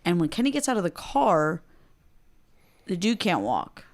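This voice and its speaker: A woman's voice: on the low side, sing-song, a little slow. A young woman co-hosting a podcast, telling a story in a laid-back casual way, often quoting people. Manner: laid-back, laughs often, quotes others. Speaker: podcast co-host.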